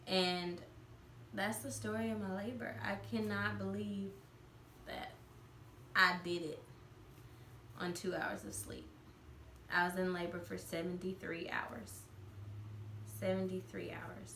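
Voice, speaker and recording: A chatty woman vlogger tells a story in a relaxed, casual way, dropping in plenty of "like" fillers. Her voice is bright and forward. The sound is roomy and echoey. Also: fairly low pitch, takes it slowly, long pauses, a little hiss or hum. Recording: roomy echo.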